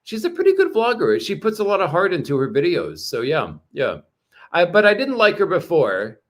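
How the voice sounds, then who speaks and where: A man from Canada hosts a relaxed livestream, chatting with his viewers. His voice sits a little high for a man. He rambles along with plenty of "uh"s and restarts. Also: normal speed. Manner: rambling, many fillers and restarts. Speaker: livestream host reading chat. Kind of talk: casual livestream chat.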